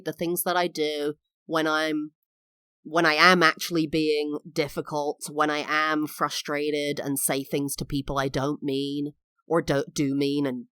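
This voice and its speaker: Woman, 30s, podcast host; low voice, dry close sound, open confessional delivery. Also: a bit bright, dry recording. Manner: candid and reflective, with emphatic swells. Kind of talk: personal storytelling monologue.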